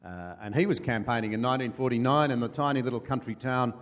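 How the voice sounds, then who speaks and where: An older Australian man, a former politician appearing as an interview guest, tells folksy anecdotes, pausing often and using many fillers. His voice is medium-pitched, with a long reverb tail in the recording.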